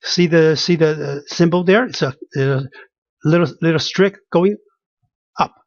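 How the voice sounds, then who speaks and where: Slow, dry-voiced pronunciation teacher. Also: mid-range voice, dry recording. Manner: repeats each sound slowly, many restarts. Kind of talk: pronunciation lesson with spoken examples. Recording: dull lo-fi dry recording.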